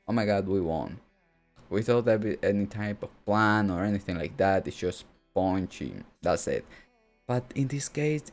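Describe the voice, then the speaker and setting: Excitable man reacting to anime. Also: on the low side. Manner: excitable, rambling, breaks into laughs and exclamations. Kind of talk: casual reaction commentary.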